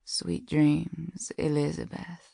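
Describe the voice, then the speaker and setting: A woman's voice: low voice, little pitch movement, slow, creaky, no room sound, studio quality, heavily acted. A woman voicing a sleepy, teasing young man on the phone. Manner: soft teasing warm voice.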